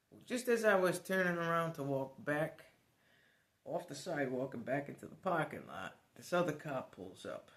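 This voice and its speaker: Animated man telling a story. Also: a little high, moderate pace, echoey room. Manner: animated, swears, laughs as he tells it. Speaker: vlogger. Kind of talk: casual storytelling.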